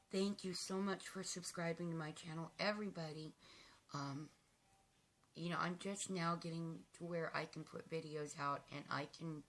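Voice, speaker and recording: A woman talking to her viewers in a casual vlog, emotional and halting, with frequent ums, tearful at times. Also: fairly low pitch, a bit bright. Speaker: vlogger.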